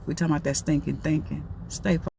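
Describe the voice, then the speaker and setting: A middle-aged woman gives a casual motivational talk that is folksy, preachy and repetitive. Her voice is low, dark and creaky, with a level tone and a quick pace. There is slight background noise.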